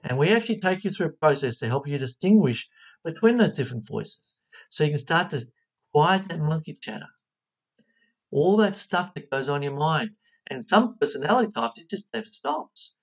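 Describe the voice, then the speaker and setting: Expressive spiritual teacher, lively pitch. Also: normal speed, breathy edge. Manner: expressive, asks the listener questions. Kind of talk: motivational talk.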